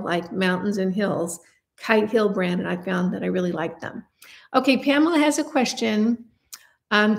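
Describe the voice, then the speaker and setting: Woman, 50s, channel host; friendly, confiding Q&A delivery, mid-range pitch. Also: creaky. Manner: chatty, confiding, self-deprecating asides. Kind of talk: casual Q&A chat to camera.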